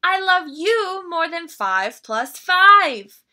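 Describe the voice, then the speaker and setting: A woman voicing a small, excitable boy bear cub in a storybook, high and eager. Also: takes it slowly, exaggerated voice. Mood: excited.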